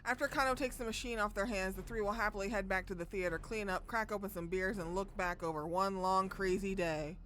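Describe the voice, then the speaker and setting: A young woman streaming a visual novel, reading the text aloud and breaking into loud, sweary outbursts. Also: medium pitch, fairly quick, hardly any pauses, a little hiss or hum. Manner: loud, excitable outbursts and swearing between calm narration.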